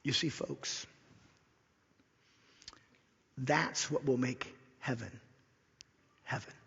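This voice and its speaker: Male pastor, sermon delivery, raspy and gravelly, dull lo-fi sound, slows and whispers on key points. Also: mid-range voice, steady tone, fairly bright tone. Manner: repeats key lines slowly for emphasis, drops to a whisper. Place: church sanctuary. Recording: dull lo-fi recording in a reverberant church hall.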